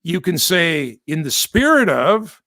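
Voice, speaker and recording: A man's voice: on the high side, sing-song, slow, vocal fry, bright, forceful tone, no echo, studio quality. An American man hosting a news commentary show, chatty and digressive, often correcting himself mid-sentence. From United States. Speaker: host.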